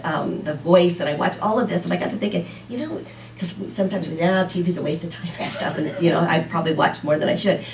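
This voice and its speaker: A woman's voice: lowish voice, reverberant, distant mic, rough recording. A woman giving a casual, rambling sermon talk to a congregation, often laughing at herself. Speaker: speaker at a church service.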